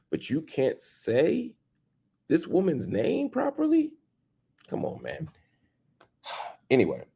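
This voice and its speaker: This fortysomething show host has a mid-range voice that's creaky with a breathy edge. His monologue is emphatic and opinionated, packed with rhetorical questions, alternating loud and soft passages.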